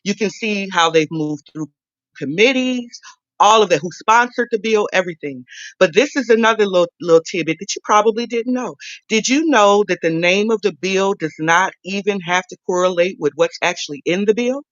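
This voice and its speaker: A woman's voice: medium pitch, moderate pace, no echo. A woman calling in to a live stream, explaining things emphatically. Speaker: caller. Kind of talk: call-in explanation. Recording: dull, dry call-in line.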